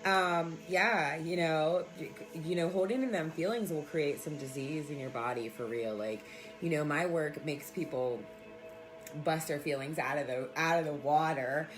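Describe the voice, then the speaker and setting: A woman's voice: deep voice, moderate pace. Woman, spiritual coach on a casual live stream. Blunt, profane and affectionate, with faint music underneath. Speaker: spiritual coach and sound healer. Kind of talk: casual live-stream chat, answering viewers. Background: soft background music.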